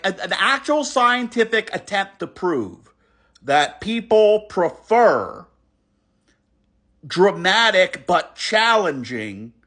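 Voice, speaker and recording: A man talks through a response commentary in a high, bright voice. His pitch swings widely, and he is emphatic and earnest, doubling back on his words as he pushes his point. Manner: animated and emphatic, with restarts; earnest, critical. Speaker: video commentator.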